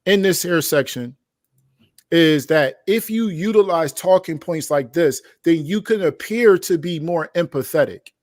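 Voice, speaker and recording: A man's voice: fairly high pitch, lively intonation, unhurried, a little mellow, dry recording, studio quality. A man hosting a commentary show, reading quoted passages aloud and then commenting on them emphatically with rhetorical questions. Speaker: host reacting to documents.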